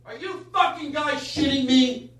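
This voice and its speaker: A man voicing a hot-tempered male lounge singer who berates his band, yelling and swearing in an improvised comedy bit. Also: extremely high pitch, measured pace, reverberant, pitched above the performer's own voice, low-quality recording. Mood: shouting abuse.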